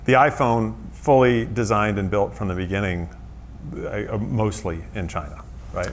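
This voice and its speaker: A man's voice: lowish voice, steady tone, unhurried. A middle-aged man hosting a book club interview, steering the talk and reading passages aloud.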